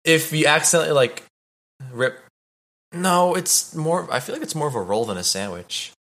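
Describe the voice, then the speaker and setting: A man's voice: on the high side, animated, normal speed, fairly bright tone. Hesitant young man, casual chatter. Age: young adult. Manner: hesitant, lots of filler likes. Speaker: guest. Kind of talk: casual chat.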